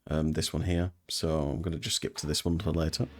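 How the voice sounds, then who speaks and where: A man's voice: rumbling low, little pitch movement, fairly quick. A young man giving casual, rambling gameplay commentary, with frequent ums and uhs. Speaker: speedrunner streamer. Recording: voice over game music.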